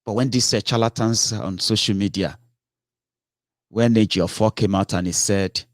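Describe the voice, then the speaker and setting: A man's voice: on the low side, fairly even intonation, moderate pace, no room sound, studio quality. A man giving impassioned political commentary, breaking into exasperated outbursts, repeating himself and restarting his sentences. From Nigeria.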